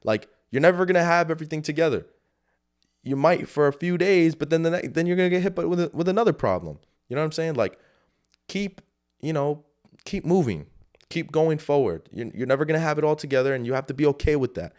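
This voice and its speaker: A man's voice: a little high, lively intonation, fast talker, a little mellow. A man hosting a solo podcast, giving loose, rambling motivational talk full of swearing and fillers. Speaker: podcast host. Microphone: camera setup.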